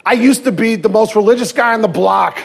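A man in his thirties, a pastor preaching a sermon with lively storytelling, swinging from loud emphasis to hushed tenderness. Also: high-pitched, fairly quick, vocal fry, slightly rough. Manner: acts out quoted voices and anecdotes.

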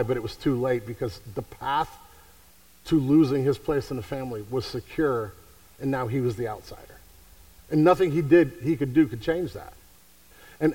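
A man preaching a sermon in a conversational way, repeating himself and swinging from hushed to fervent. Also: mid-range voice, distant mic, low-quality recording. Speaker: pastor.

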